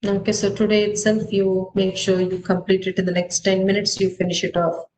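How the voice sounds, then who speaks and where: A woman teaching a math class online, talking in a brisk, directive way. Her voice sits at an ordinary middle pitch, with a faint hiss of noise behind it. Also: level tone, darkish tone, poor audio. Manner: brisk, directive, checks on students.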